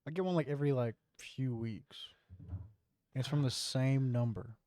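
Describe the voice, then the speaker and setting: Male co-host, mellow mid-pitched voice, dry teasing humor, dry recording. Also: moderate pace, dry recording. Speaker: podcast co-host. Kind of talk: casual chat.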